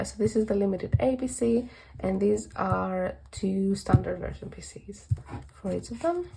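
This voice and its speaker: Flipping through her collection binders, a woman chats casually in a vlog walkthrough, rambling and correcting herself with little laughs. Her mid-range voice is warm but creaky and a bit worn as she's losing it, in a rough recording with a little hiss or hum.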